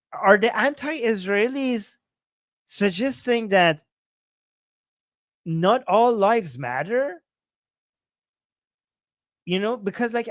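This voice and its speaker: A man's voice: sits high, no room sound, clean studio sound. A man hosting a casual political livestream, talking in a sarcastic, mocking way and swearing freely.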